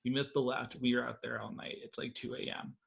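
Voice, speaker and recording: A man performing a stand-up comedy set, rambling with deadpan asides that climb into loud rants. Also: medium pitch, fairly quick, vocal fry, slightly rough.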